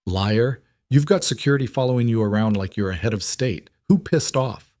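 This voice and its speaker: A man's voice: lowish voice, moderate pace, darkish tone, no echo, studio quality, close to an everyday voice. A man voicing a blunt, scolding middle-aged woman nurse in a storybook reading.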